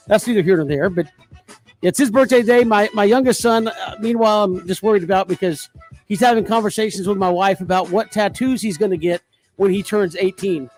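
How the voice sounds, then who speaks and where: A man's voice: high voice, a little mellow. A man co-hosting a radio show, talking wryly and easily about his sons in casual chat. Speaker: radio co-host.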